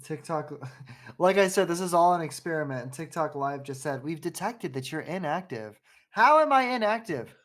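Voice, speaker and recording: A man hosting a podcast, chatting in a playful, animated and rambling way. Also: a little high, normal speed. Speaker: podcast host. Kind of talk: casual chat.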